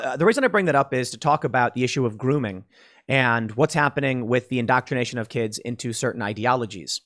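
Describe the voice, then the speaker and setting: Man from Chicago giving political commentary. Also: medium pitch. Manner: conversational, with frequent restarts. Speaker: commentary show host.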